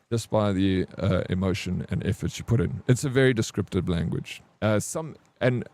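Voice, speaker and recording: A man's voice: on the low side, mellow. A man, hosting a livestream and chatting casually in a rambling, candid way, swearing now and then. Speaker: livestream host. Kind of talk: casual stream chat.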